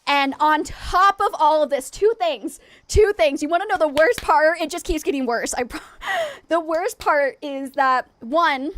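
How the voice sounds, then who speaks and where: A young adult woman streaming a game live, bubbly and excitable, chatting with viewers and laughing often. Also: high voice, no echo. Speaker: variety streamer.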